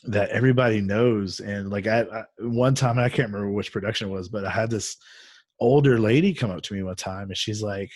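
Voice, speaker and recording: A man's voice: fairly low pitch, brisk, darkish tone, no room sound. A man hosting a casual chat, rambling through a story with many fillers and restarts. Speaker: podcast host. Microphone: video call.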